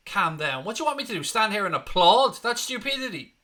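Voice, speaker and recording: A man's voice: sits high, big pitch swings, fast talker, bright, forceful tone. A man hosting a live football watchalong, reacting bluntly to the match and swearing freely as he talks his viewers through it. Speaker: football fan channel host.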